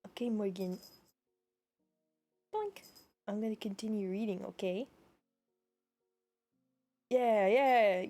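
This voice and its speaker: A woman streamer reading a book aloud, breaking off to giggle and chat to her pet. She talks slowly and unhurriedly at a middling pitch. Faint music plays under her voice. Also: dark tone.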